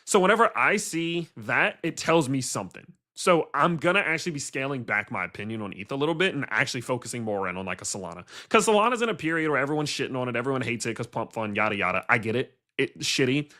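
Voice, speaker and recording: A man's voice: mid-range voice, lively intonation, fast talker, few pauses, pushed and bright. A man hosting a casual livestream about crypto investing, ranting bluntly and swearing, with rhetorical questions to his viewers.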